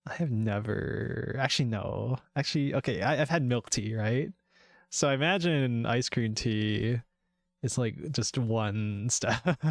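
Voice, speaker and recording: A man's voice: medium pitch, measured pace, creaky, no echo, studio quality. A man chatting casually on a game-dev live stream, rambling from one aside to the next, swearing freely and laughing often. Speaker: VTuber game developer streamer.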